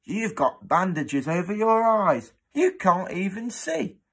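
Old cleaning lady voiced by a man, gravelly, suspicious, blunt, storybook reading, slow. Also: sing-song, full character voice. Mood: demanding. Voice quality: deep and gravelly. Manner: blunt, demanding.

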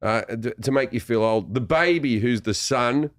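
A man's voice: mid-range voice, moderate pace, no room sound, studio quality. A man chatting on a podcast, playful and teasing, swearing freely. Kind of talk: casual comedic chat.

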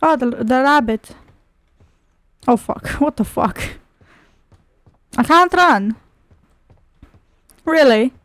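A woman's voice: sits high, expressive, slow pace, pauses often, a bit bright, dry recording. A young woman commenting on a horror game as she plays, sarcastic and swearing often while talking to herself. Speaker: gaming video creator. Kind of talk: casual gameplay commentary.

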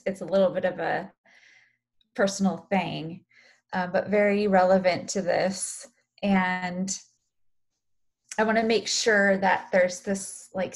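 A woman leading a group session, speaking in a reflective way and thanking participants. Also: mid-range voice. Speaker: workshop facilitator. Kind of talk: group facilitation.

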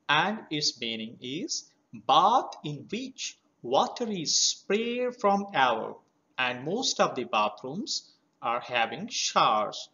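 A man teaching a children's poem, explaining words slowly and spelling them out letter by letter. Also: on the high side, big pitch swings, bright, forceful tone. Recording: slightly dull lo-fi recording.

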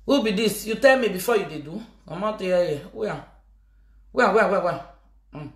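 A woman's voice: medium pitch, expressive, moderate pace. A woman with a Nigerian Pidgin English accent talking in a live-stream monologue, teasing her viewers, laughing and breaking into chants. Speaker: social media personality. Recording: echoey room.

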